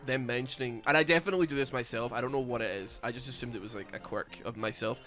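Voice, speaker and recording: A young Scottish man with a light accent, chatting casually while streaming a game. He rambles, then breaks into excited yells. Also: medium pitch, fast talker, faint music behind. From Scotland. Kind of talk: casual gaming stream chat.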